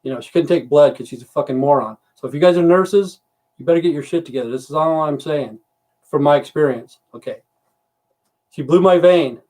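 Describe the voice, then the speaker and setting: This livestream host, an American in his fifties or sixties, has a fairly high, slightly mellow voice and talks a little fast. Using a computer mic at home, he rants casually, rambling, blunt and full of swearing.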